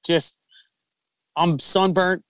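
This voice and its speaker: A man's voice: high voice, steady tone, drawn-out words, crowd noise. A man hosting a casual podcast chat, telling stories loosely with lots of swearing and laughter. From Philadelphia area. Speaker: podcast host.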